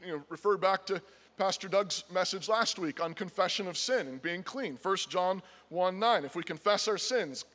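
Male pastor, high voice, earnest sermon delivery with repeated emphatic phrases, long church-hall echo. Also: a bit bright. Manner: earnest, emphatic, repeats key phrases, acts out imagined dialogues. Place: church sanctuary.

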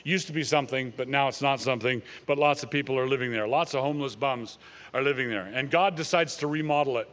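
A man's voice: mid-range voice, fast talker, a bit bright. A man preaching an expository sermon, reading scripture aloud and explaining it in earnest. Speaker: pastor.

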